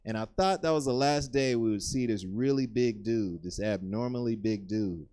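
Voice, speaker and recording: Rambling stand-up comic acting out bits. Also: male voice, moderate pace, warm tone. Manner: loose and rambling, acts out characters with jumps in pitch. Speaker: stand-up comedian. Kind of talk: stand-up storytelling. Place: comedy theater stage.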